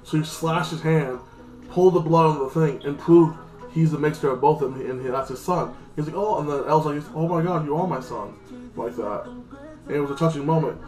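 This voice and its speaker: A man's voice: fairly high pitch, a little fast, darkish tone. A man casually recapping a TV episode in a rambling, crude way, full of fillers. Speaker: TV episode reviewer. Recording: echoey room with music.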